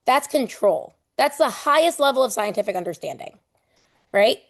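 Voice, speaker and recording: A woman's voice: a little high, lively intonation, moderate pace, gravelly, no room sound, clean studio sound. Woman instructor, casual live class, playful, acts out examples, swears freely. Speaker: exam prep instructor.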